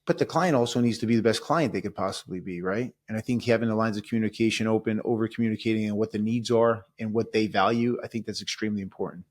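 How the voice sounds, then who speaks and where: Earnest man with a lowish voice. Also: steady tone, fast, hardly any pauses. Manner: earnest, reflective, lots of affirming murmurs. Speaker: podcast host and fitness trainer. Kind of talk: casual podcast conversation.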